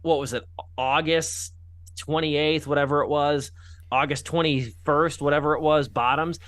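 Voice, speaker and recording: Male podcast host, mid pitch, dry close mic, rambling and self-deprecating. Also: fairly even intonation, normal speed, fairly bright tone, no echo. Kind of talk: casual podcast chat.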